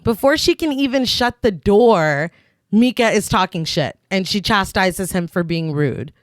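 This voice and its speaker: A woman's voice: medium pitch, lively intonation, unhurried, no room sound, clean studio sound. A woman co-hosting a casual horror podcast, recapping a film scene by scene, laughing often and swearing freely. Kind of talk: casual chat.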